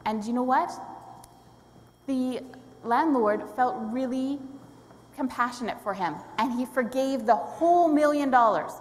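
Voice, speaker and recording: A woman's voice: high voice, a little slow. A woman leading a children's story in a church service, friendly and asking questions, laughing often. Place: church sanctuary. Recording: long hall reverb, faint room noise.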